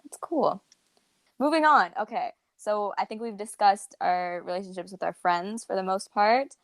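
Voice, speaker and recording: A woman's voice: mid-range voice, moderate pace, no echo. Young woman co-hosting a podcast, rambling casual talk, dry close mic. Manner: rambling, filler-heavy, restarts often. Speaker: podcast co-host. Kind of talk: casual chat.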